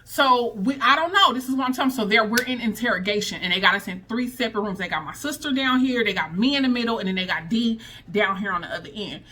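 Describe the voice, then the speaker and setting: A woman vlogger telling a personal story in a casual, animated, dramatic way, full of slang. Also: a little high, fast talker, noisy background.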